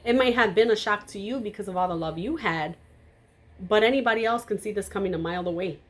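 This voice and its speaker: A woman giving a tarot reading to camera, blunt and emphatic, naturally loud, with casual swearing. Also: mid-range voice, quick pace. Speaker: tarot reader.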